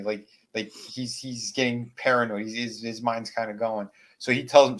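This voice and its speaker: A man's voice: medium pitch, steady tone, moderate pace, hardly any pauses, fairly bright tone. A man co-hosting a horror film podcast, casually retelling scenes and acting out the characters' lines with plenty of fillers. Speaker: podcast co-host. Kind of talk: casual movie recap chat.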